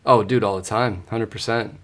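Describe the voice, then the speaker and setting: A man's voice: fairly low pitch, moderate pace. Laid-back American man telling stories. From United States. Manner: animated storyteller, loose and laughing. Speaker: musician guest. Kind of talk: casual podcast chat.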